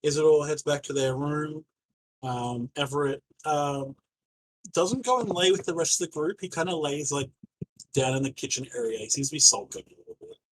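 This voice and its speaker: Husky-voiced man narrating a tabletop game. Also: fairly high pitch, normal speed, rough recording. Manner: loose, rambling narration full of fillers and swearing. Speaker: game master.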